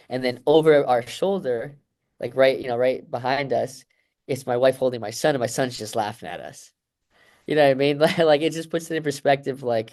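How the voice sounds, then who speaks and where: Man, thirties, mid-pitched, reflective interview guest, rambling and emotional, many fillers. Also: a little mellow. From United States. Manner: emotional, rambling, heavy fillers like "you know" and "right". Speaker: guest, Olympic wrestler.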